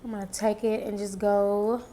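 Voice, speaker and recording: Talking to herself and often straight to her viewers, a young woman shows off her makeup routine in a casual, chatty style full of drawn-out exclamations. She's a beauty vlogger with a mid-range voice, recorded with a little hiss or hum.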